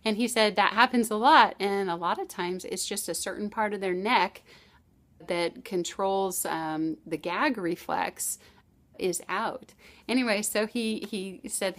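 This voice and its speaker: A middle-aged woman sharing parenting advice in a loose, chatty storytelling way. She circles back, restarts her sentences, and laughs now and then. Her pitch sits in the middle range. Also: measured pace, fairly bright tone. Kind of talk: casual advice talk to camera.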